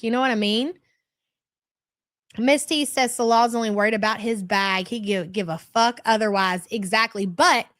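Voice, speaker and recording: A woman's voice: fairly high pitch, fairly bright tone, no room sound, clean studio sound. A middle-aged woman hosting a casual live stream, chatting in a gossipy way and reading viewer comments aloud.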